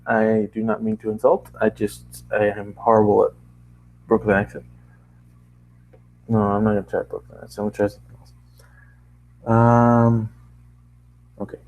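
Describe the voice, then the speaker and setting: A man's voice: fairly low pitch, little pitch movement, normal speed, pauses often, darkish tone, low-quality recording. A man casually reading fan fiction aloud, chatty and self-deprecating, often stumbling and restarting lines. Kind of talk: casual story reading with asides.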